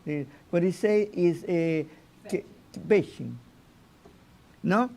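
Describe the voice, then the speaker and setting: A man teaching an informal Torah lesson as a rabbi, halting and restarting his phrases and often asking "you know?". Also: high voice, creaky, dark tone.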